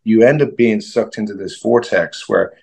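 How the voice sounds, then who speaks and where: An Irish man in his forties chats as an interview guest, telling loose anecdotes full of restarts. His voice sits on the low side. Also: moderate pace, creaky, a little mellow, slightly rough. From Ireland. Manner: rambling, self-interrupting storyteller with frequent restarts. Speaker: actor guest. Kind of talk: casual interview chat.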